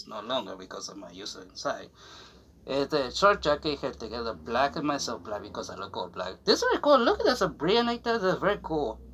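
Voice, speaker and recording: A young man vlogging in halting, broken English as he shows off a new jacket, rambling with fillers, restarts and giggles. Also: on the high side, a bit bright, a little hiss or hum. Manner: non-native English with broken grammar. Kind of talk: casual unboxing chat to camera.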